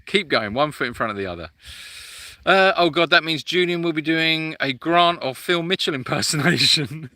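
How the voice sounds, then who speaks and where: A man's voice: fairly high pitch, animated, normal speed, sharp tone, no echo. A man hosting a casual live-stream Q&A for an animal sanctuary. He chats and teases while reading out viewer comments, with frequent ums.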